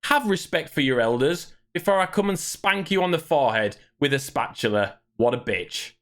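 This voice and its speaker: A man's voice: a little high, animated, moderate pace, a bit bright. A man ranting angrily and swearing while streaming, talking to his chat. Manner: profane, ranting, irritated. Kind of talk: angry gaming rant on livestream.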